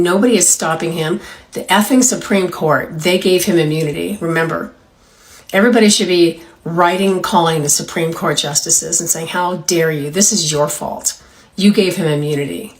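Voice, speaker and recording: Apologetic, heated woman from California. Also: fairly low pitch. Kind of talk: vlog-style monologue.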